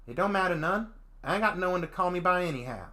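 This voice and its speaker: A man voicing a rough, distrustful young dragon girl with a put-on Southern country accent, speaking low and curt with rural grammar in a visual novel reading. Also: lively intonation, quick pace, pushed and bright, full character voice. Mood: guarded. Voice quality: low, frustrated, growling. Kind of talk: visual novel read-aloud.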